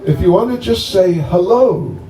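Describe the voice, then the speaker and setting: A man's voice: fairly high pitch, gravelly, dark tone. A man giving a chatty, joking talk that introduces a guest to devotees at a bonfire gathering. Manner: joking, chatty, slow and rambling. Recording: echoey, distant, faint ambient noise.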